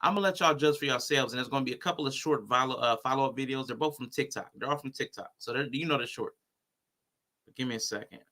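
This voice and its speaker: A man co-hosting a casual livestream, animated and joking as he talks to his chat. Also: medium pitch, quick pace. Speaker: livestream co-host.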